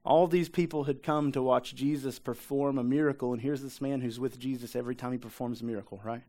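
A man's voice: mid-range voice, fairly even intonation, fast talker, warm tone. Preacher repeating his points. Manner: repetitive emphasis, rhetorical questions. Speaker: pastor. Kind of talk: conversational sermon.

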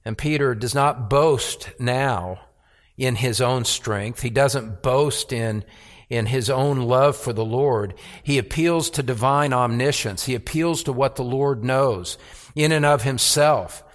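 A man's voice: mid-range voice, takes it slowly. A man preaching a sermon as pastor, earnest, with repeated words and rhetorical questions.

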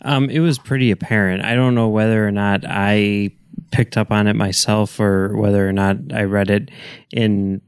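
A man from Chicago with a somewhat low voice talks films in a relaxed podcast chat. His delivery is easygoing and dryly dismissive. The recording is close and dead, with no room sound. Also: normal speed, clear, resonant tone, no room sound. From Chicago, USA. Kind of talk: casual film-discussion chat.

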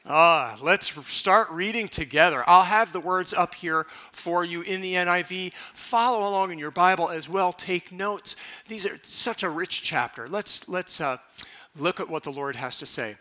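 Bright, high-voiced male pastor preaching. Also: moderate pace. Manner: conversational, leads the congregation in repeating phrases. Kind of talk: sermon. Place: church sanctuary.

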